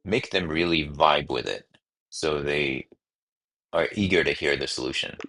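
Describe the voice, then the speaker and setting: A man hosting a casual coding livestream, thinking aloud with sudden excited bursts. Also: rumbling low, unhurried. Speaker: livestream host.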